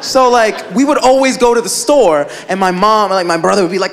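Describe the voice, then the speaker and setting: A young male stand-up comedian telling an animated, filler-heavy story on a club stage. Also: sits high, fast talker, hardly any pauses. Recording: noisy live club with crowd laughter. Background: audience laughter and room noise.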